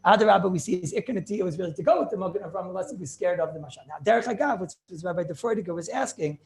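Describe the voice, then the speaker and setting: A man teaching a class as a rabbi, lecturing in a lively yeshiva style, repeating phrases and throwing out rhetorical questions. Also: high voice, very fast, vocal fry.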